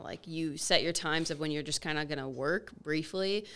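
A woman's voice: sits low, normal speed, a bit bright, clear, resonant tone. A young woman, a fitness creator, giving earnest advice as a guest on a casual podcast.

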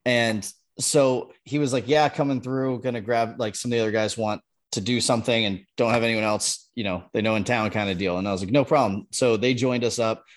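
Man, podcast regular, casual story, relaxed, filler-heavy, mid pitch. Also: a little fast. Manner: laid-back, loose with fillers like "um" and "like".

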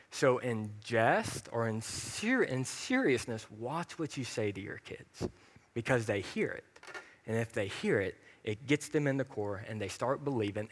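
A man's voice: fairly low pitch, vocal fry, slight background noise. A young man preaching a sermon in a church, chatty and self-deprecating, with sudden emphatic bursts. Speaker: pastor. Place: church hall. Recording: church hall with long reverb.

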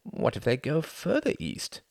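A man's voice: fairly high pitch, wildly swooping pitch, measured pace, creaky, darkish tone, no room sound, studio quality, voice pushed up, heavily acted. A man voicing an anxious young translator whose voice wavers, in an audiobook reading. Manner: hesitant, wavering.

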